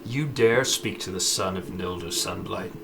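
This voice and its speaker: A man's voice: low voice, normal speed, gravelly, music in the background, voice pushed down. A man voicing a scornful male duergar prisoner in a tabletop game, speaking with proud indignation. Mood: indignant. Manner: haughty, indignant.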